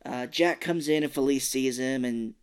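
A man's voice: mid-range voice, moderate pace, clear, resonant tone. Casual man recapping a movie. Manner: retells scenes, acting out characters' lines, swears casually. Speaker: podcast co-host.

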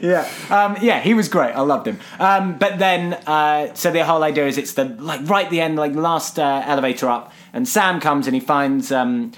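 A podcast co-host casually recaps a musical, swearing and laughing while retelling scenes. The voice is mid-range, at a moderate pace with few pauses.

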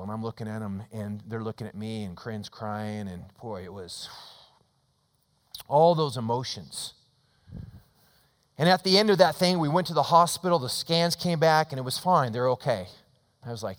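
A man's voice: mid-range voice, normal speed. Preaching man with a long church echo. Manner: storytelling with swings between loud emphasis and hushed tones. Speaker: pastor. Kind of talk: sermon. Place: church sanctuary. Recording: long reverb of a church hall.

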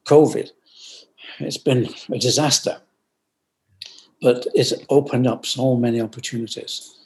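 An older man, a company founder, giving earnest reflective interview answers over a remote video call, often repeating phrases and clearing his throat. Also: mid-range voice, fairly even intonation, unhurried, darkish tone, rough recording. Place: at home in France.

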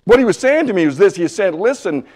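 A man's voice: sits high, big pitch swings, fast, a little mellow. A man in his seventies teaching a church lesson in a conversational sermon style, telling folksy, humorous stories and acting out dialogue. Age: 70s. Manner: storytelling, acting out both sides of a dialogue; folksy and humorous, with frequent restarts. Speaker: church Bible class teacher.

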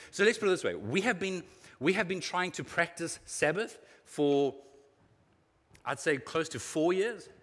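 Animated preacher in echoey hall. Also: male voice, a little high. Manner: lively, animated preaching with sudden swings in loudness. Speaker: pastor. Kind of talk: sermon. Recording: long echo of a hall.

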